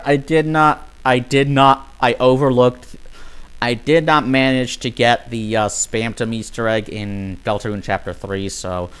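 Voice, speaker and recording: A man's voice: medium pitch, fairly even intonation, a little slow, a bit bright, clear, resonant tone. A man giving casual live-stream commentary over a game, ranting with swearing and lots of fillers. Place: home streaming setup.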